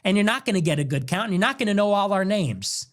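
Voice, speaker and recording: A man's voice: high voice, animated, fast. A young man hosting a livestream, ranting in an angry, indignant, preaching monologue. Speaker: political livestream host.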